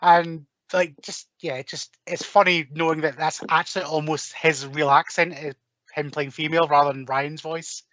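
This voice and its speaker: A man's voice: fairly high pitch, little pitch movement, moderate pace, pushed and bright, dry recording, dull audio. A man co-hosting a podcast, chatting casually about a film with teasing, jokey asides. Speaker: podcast co-host. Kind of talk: casual chat reviewing a film.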